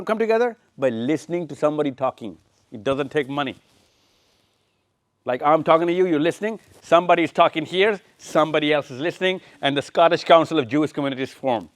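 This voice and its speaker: A man lectures a live room from his slides, pointing and quizzing listeners by name. His voice sits fairly high for a man, and the sound is close and dry. He repeats short phrases over and over to drive each point home. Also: no room sound. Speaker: touring speaker. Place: event room with audience.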